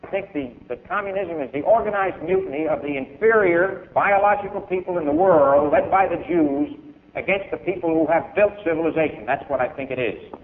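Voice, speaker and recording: A man's voice: fairly high pitch, expressive, a little fast. A man giving an emphatic, declaiming public speech and then taking questions from an audience. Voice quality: emphatic, oratorical, declaiming with big swings in loudness. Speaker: speaker at a university event. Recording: tinny, lo-fi archival tape.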